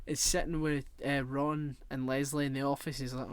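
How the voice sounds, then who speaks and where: A man co-hosting a podcast, chatting casually and rambling, often pausing to hunt for the right word. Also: medium pitch, little pitch movement, clear, resonant tone. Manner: rambling, searches for words with many fillers. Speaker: podcast co-host. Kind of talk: casual chat.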